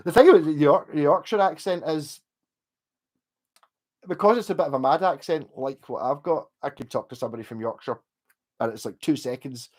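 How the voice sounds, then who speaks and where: A man's voice: fairly high pitch, animated, slightly rough. Sweary Scottish man chatting on stream. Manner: sweary, rambling, quick to laugh. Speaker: livestreamer. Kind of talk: casual rambling livestream chat.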